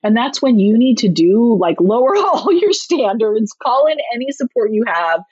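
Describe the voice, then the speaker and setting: A woman who wrote a parenting book, giving casual advice with lively delivery and acted-out quotes. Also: on the high side, normal speed, slightly rough, no echo. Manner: lively, animated, acts out quoted lines. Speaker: parenting author guest. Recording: dull lo-fi, dry sound.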